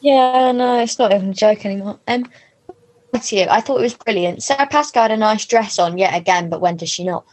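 A woman co-hosting a casual podcast, joking and teasing as she chats about TV. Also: medium pitch. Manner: teasing, quick to joke. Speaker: podcast co-host.

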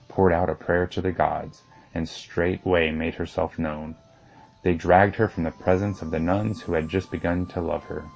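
Deep-voiced man reading a legend. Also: vocal fry, a little mellow, rough recording. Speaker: narrator. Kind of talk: storybook narration.

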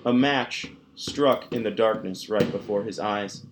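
Slow, low-voiced male horror narrator. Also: background noise. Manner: slow, measured storytelling. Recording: loud guitar music behind the voice. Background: loud plucked guitar music.

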